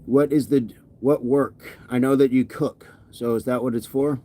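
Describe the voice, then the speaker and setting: A man's voice: medium pitch, steady tone, normal speed, mellow. A man livestreaming a workout, winded and sweaty, reading viewer comments aloud and often repeating himself in casual chat. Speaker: fitness livestreamer.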